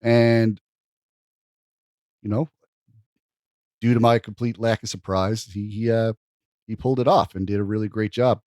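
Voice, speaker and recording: A man on a podcast panel, speaking hesitantly with long pauses and fillers while reviewing a comedy show. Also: lowish voice, fairly even intonation, darkish tone, dry recording, clean studio sound.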